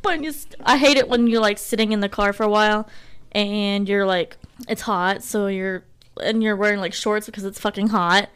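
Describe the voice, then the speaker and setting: A woman's voice: medium pitch, steady tone, fairly bright tone, smooth. A woman co-hosting a podcast in casual chat, blunt and swearing freely. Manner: swears a lot, blunt and quick. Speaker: podcast co-host.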